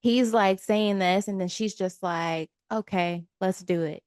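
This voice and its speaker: A woman co-hosting a podcast, casually recapping a TV episode and acting out the characters' lines in quick asides. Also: medium pitch, darkish tone, clear, resonant tone, no room sound, studio quality. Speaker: podcast co-host.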